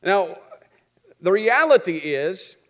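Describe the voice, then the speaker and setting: A man's voice: high-pitched, sing-song, slow, fairly bright tone. A man preaching a sermon. He asks questions and answers them himself, and repeats phrases for rhythm.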